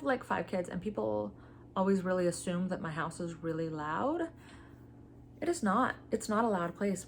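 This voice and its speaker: A woman in her forties with a stuffy, blocked-nose sound, chatting casually as a vlogger with dry, deadpan humor. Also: on the low side, a little hiss or hum. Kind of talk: casual chat.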